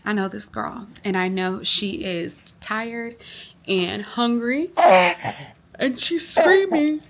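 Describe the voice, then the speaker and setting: A woman's voice: medium pitch, fairly even intonation, slow pace, gravelly, noisy background. A young woman vlogging in a casual, confessional way, tired and teary, rambling with many fillers as she vents about motherhood. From United States.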